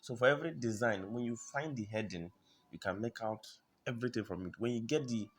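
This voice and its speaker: A man explaining design principles in a tutorial, halting, repeating words and often clearing his throat, checking in with the listener. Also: mid-range voice. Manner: checks in with "you understand?". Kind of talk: screen-recorded tutorial explanation.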